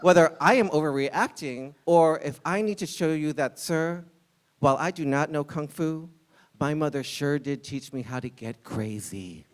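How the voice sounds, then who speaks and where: A man in his forties tells a personal story live, with a candid and wry comic touch. His voice sits a bit on the higher side, and his punchlines land with dry timing. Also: moderate pace. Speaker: storyteller and restaurant server.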